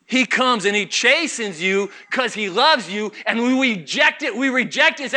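High bright fiery male preacher. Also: animated, moderate pace, hardly any pauses. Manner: swings from shouting to low intense murmurs; acts out congregation voices mockingly. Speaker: pastor. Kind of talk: fiery sermon.

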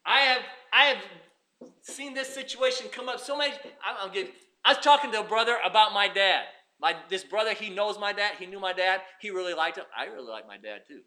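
A man's voice: high voice, fairly quick, bright, forceful tone. A man preaching a sermon as pastor, emphatic and repeating his points.

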